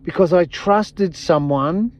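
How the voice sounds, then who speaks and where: A man's voice: high voice, slow, a little mellow. A man hosting a podcast, giving an impassioned, blunt monologue full of swearing and repeated emphatic phrases. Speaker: podcast host. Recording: dull lo-fi sound.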